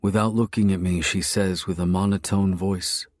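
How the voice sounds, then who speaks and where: A man narrating a romance story in the first person, with a low, brooding, intense delivery. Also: steady tone, moderate pace, darkish tone, no echo.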